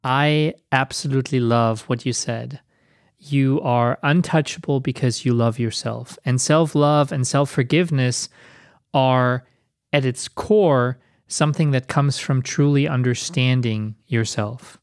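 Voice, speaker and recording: A man hosting an interview, asking questions in a measured, encouraging way. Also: mid-range voice, no room sound, clean studio sound. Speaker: podcast host.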